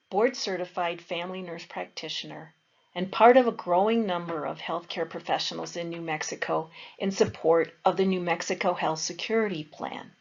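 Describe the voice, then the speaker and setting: A woman, a family nurse practitioner, reading a scripted introduction in a measured, formal way. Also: lowish voice, muffled recording.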